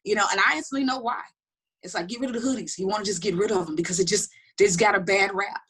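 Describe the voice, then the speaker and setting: A middle-aged woman telling personal stories in an interview, talking quickly and animatedly with many restarts. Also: mid-range voice, breathy edge. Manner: fast, animated storytelling with frequent restarts. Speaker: interview guest. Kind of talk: candid personal storytelling.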